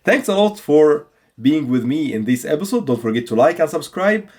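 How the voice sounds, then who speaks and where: Male language teacher, husky voice with lively pitch swings, patient and instructive. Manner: repeats example phrases slowly for learners. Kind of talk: video language lesson.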